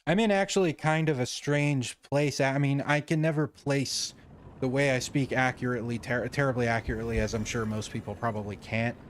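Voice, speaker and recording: A man's voice: mid-range voice, steady tone, a little fast, a little hiss or hum. A man from the Southern United States streaming a video game and chatting casually, exclaiming at the game and often restarting his sentences. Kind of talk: casual gaming stream chat.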